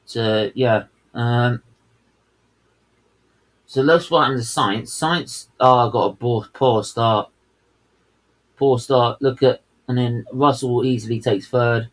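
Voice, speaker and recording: A man's voice: mid-range voice, takes it slowly, pauses often, poor audio. A man co-hosting a race watchalong, ranting heatedly and swearing at the drivers. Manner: heated, swearing, fuming outbursts. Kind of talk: live race commentary rant.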